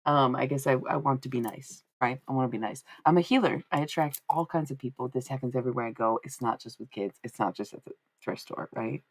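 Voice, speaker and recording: A woman streamer chatting casually at home, telling a funny story with laughs, swearing, and quoted lines in put-on high voices. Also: quick pace, hardly any pauses.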